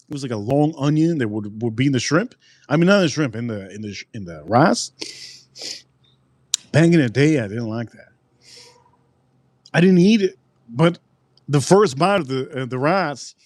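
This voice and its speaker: A man's voice: mid-range voice, a little mellow, no room sound. A man rambling through a casual live-stream food review, repeating himself and answering his chat. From United States.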